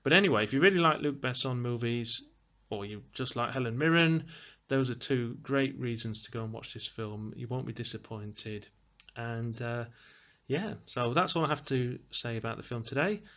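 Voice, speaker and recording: Male film reviewer, casual rambling delivery, mid pitch. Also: normal speed, fairly bright tone. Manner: chatty, meandering, many fillers and restarts.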